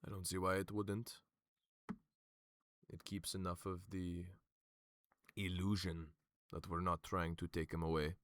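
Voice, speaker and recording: A calm, scheming noble brother , voiced by a man, lays out his reasoning at an even pace. The voice is fairly low and the sound is dry. There is no room echo. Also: unhurried, pauses often. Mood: persuasive.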